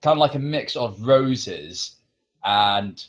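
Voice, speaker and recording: A man at a tabletop game, acting as player and world builder, describes part of the setting while thinking aloud in casual table chat. His voice is medium-pitched, animated, and slow.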